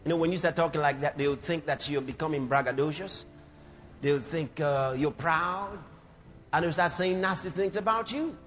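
A man preaching a sermon in an animated way, breaking into shouts and laughter. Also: on the high side, normal speed. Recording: dull lo-fi sermon recording with faint music.

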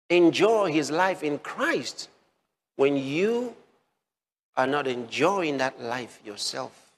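A male preacher delivers a sermon at a very slow, deliberate pace, leaning hard on repeated phrases. His voice sits a little high for a man and rings with the long reverb of a large hall. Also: husky.

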